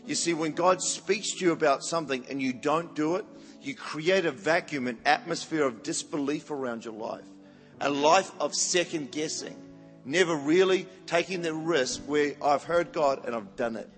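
A man with a fairly high pitch and moderate pace preaches as an evangelist, telling stories animatedly in a sermon. He often repeats words as he restarts, recorded in a reverberant hall with faint music.

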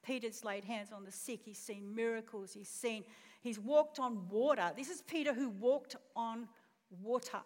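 In a church auditorium, a woman pastor with a fairly high voice preaches at a normal speed, telling a story expressively and asking the congregation questions. The recording carries the long reverb of a church hall.

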